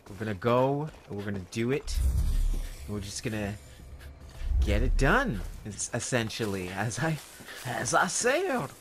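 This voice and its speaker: A man giving casual, jokey commentary while playing a video game, talking to himself and the in-game dog with sudden excited outbursts. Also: mid-range voice, a little hiss or hum. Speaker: gaming video host.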